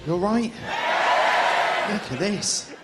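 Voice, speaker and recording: A man's voice: sits high, expressive, takes it slowly, loud music behind the voice, over a noisy crowd. A young man doing a stand-up set on a club stage, rambling and hesitant with lots of restarts. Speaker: stand-up comedian.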